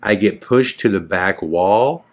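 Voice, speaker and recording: A man hosting a podcast, telling a story from his own life in an animated way and acting out the voices of the people in it. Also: deep voice, slow pace. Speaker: podcast host. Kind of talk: personal storytelling. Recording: podcast audio.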